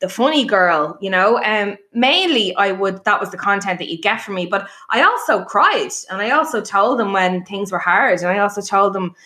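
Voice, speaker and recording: A woman chatting casually on a podcast, telling stories in a blunt, animated, sweary way. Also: medium pitch, moderate pace, hardly any pauses. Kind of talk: casual chat.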